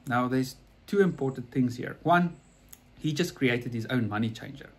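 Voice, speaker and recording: Male preacher, earnest conversational storyteller, slightly husky voice, mid pitch. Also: normal speed. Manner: earnest, repeats and restarts words.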